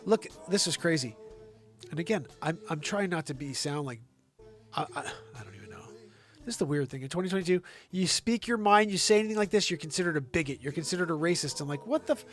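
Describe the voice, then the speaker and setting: A man's voice: fairly high pitch, animated, quick pace, faint music behind. A man hosting his own online show, ranting about politics in a heated, profane and sarcastic way.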